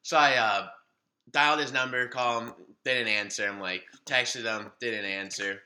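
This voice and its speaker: A young podcast co-host tells a story on a casual show, swearing a lot and animatedly acting out quoted dialogue. His voice is medium-pitched at a moderate pace.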